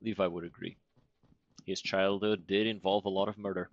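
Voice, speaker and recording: A man giving casual, wry commentary while playing a video game, with deadpan jokes and frequent fillers. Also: sits low, normal speed, lo-fi sound. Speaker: gaming streamer. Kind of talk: casual let's play commentary.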